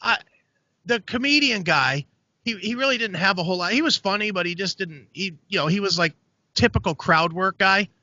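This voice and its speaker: A man hosting a podcast, telling a story in a casual, profane, animated way. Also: sits high, fairly quick, no room sound. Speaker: podcast host. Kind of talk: casual chat. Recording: dry, dull lo-fi sound.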